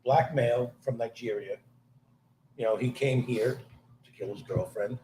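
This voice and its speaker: A man's voice: medium pitch, a little slow, roomy sound, noisy background. A man telling profane police stories as a podcast guest. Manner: profane, animated storyteller. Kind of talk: casual storytelling chat.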